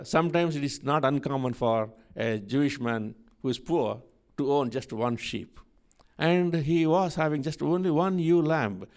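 A man's voice: a little high, darkish tone. A man preaching a sermon, telling a scripture story and repeating key phrases for emphasis.

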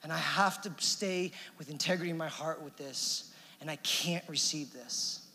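A man's voice: fairly high pitch, moderate pace, sharp tone, in a large hall. A man preaching a sermon testimony, telling his story with animation and acting out the voices of the people in it. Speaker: minister.

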